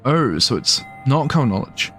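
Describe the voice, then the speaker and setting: A man's voice: medium pitch, sing-song, moderate pace, sharp tone, faint music behind. A man voicing an anxious, flustered older female village mayor in a game, fretful and stammering.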